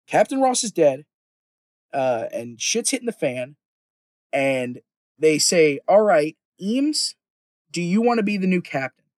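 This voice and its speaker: A man with a slightly raised pitch rambles through a TV recap on a podcast, swearing freely and padding his sentences with fillers. The sound is close and dry, with no room around it. He tells it with casual enthusiasm. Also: darkish tone, no echo. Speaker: podcast host recapping a TV show.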